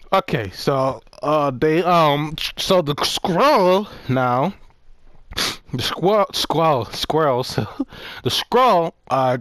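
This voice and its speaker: A man's voice: medium pitch, fairly bright tone, no room sound. Rambling, laughing young man. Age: about 19. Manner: rambling, laughing, profane, many fillers. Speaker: gaming vlogger. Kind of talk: casual movie recap while gaming.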